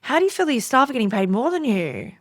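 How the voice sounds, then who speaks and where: Lively Australian woman swapping stories. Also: high voice, quick pace, no room sound, clean studio sound. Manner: lively storyteller who acts out dialogue, swears freely. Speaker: podcast host; business owner. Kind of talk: casual podcast chat.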